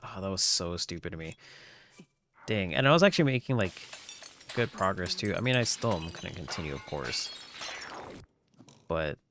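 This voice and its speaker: Low-voiced rambling male streamer. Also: big pitch swings, moderate pace, long pauses, a bit bright, slight background noise. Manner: rambling, many filler words; laughs often. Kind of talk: live gameplay stream chat.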